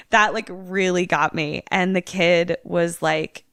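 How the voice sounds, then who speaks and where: Lower-voiced woman in casual podcast chat. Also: slow pace, no echo, studio quality. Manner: animated, swears freely, laughs often. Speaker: podcast co-host.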